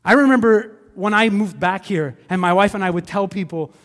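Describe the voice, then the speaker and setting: Quebec-accented pastor preaching in a reverberant hall. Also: male voice, high voice, moderate pace. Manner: conversational, animated with acted asides. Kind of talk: sermon. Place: church sanctuary.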